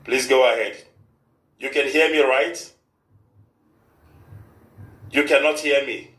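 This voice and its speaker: A radio host runs a live show in a formal, repetitive way, often saying "of course," and includes a short prayer. His mid-range voice is slow and a bit bright, captured in a reverberant, rough recording.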